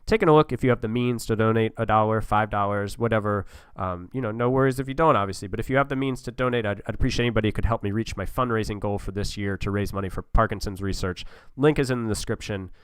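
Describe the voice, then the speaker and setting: A lowish, smooth male voice, recorded close and dry with no room sound. He talks through a sports sim game in a relaxed, conversational way, thinking aloud and trailing into fillers as he goes. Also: fast, hardly any pauses, no room sound. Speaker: gaming channel host. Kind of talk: casual gameplay commentary.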